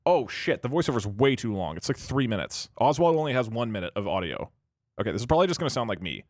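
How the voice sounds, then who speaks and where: A man's voice: medium pitch, big pitch swings, quick pace, dry recording, studio quality. A young man hosting his channel, thinking aloud and rambling as he tinkers on screen. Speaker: YouTube streamer host. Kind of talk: casual commentary while working on screen.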